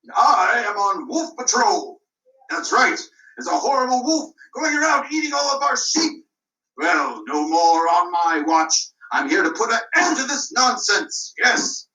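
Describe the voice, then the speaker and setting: A woman's voice: medium pitch, very animated, unhurried. Woman doing a pompous village constable. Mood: proud. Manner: loud, self-important proclamations. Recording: roomy, mic at a distance.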